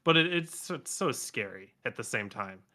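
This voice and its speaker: A man chatting as a guest on a podcast, his voice bright and sharp-edged. He tells stories in quick, animated bursts, stops and restarts himself, and acts out other people's lines along the way. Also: mid-range voice. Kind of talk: casual storytelling chat.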